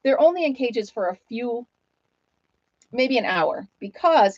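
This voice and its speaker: A woman's voice: fairly high pitch, lively intonation, measured pace, no echo, dull audio. A woman hosting a casual live-stream chat, talking in a chatty, self-deprecating way and laughing often.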